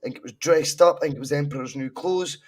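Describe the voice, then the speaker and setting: Husky blunt Scottish man. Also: fairly high pitch, fast, darkish tone. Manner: blunt, opinionated, swears freely. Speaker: podcast co-host. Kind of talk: casual football chat.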